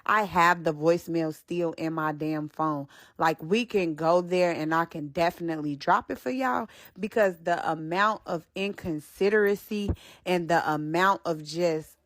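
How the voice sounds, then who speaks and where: A woman's voice: fairly low pitch, a bit bright. A pregnant woman telling a storytime vlog, speaking straight to her viewers and repeating phrases for stress.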